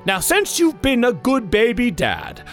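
Brief: man doing a jolly giant Santa, slow, drawn-out, animated delivery. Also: very high voice, faint music behind, exaggerated voice. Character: jolly crude male Santa Claus, giant. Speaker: comedy podcast host.

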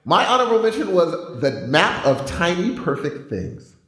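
A man's voice: high-pitched, very animated, moderate pace, roomy sound, noisy background. A man co-hosting a podcast, talking animatedly and laughing as he gives his movie picks. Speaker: podcast co-host. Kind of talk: casual movie-awards chat.

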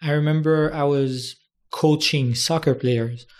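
A host in casual talk speaks in a middle pitch, trading brief reactions with a guest. They tell a reflective personal story in an easygoing way. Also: steady tone, measured pace, a little mellow. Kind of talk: casual conversation.

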